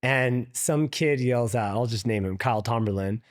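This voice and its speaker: A man's voice: medium pitch, normal speed, dry recording. Chatty man telling a story, dry sound. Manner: loose and chatty, heavy use of "like", laughs often. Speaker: interview guest, venture investor. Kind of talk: casual storytelling in conversation.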